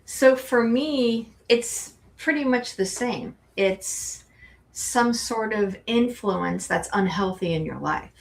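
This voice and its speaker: Gravelly-voiced woman tarot co-host. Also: on the high side, slow pace. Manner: rambling with frequent restarts and fillers. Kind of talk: casual chat.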